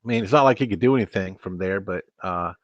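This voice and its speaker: A man's voice: sits low, fast talker, no room sound, muffled recording. Chatty man hosting a live stream. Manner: rambling, chatty, stammers and restarts. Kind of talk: casual live-stream chat. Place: home studio at a computer.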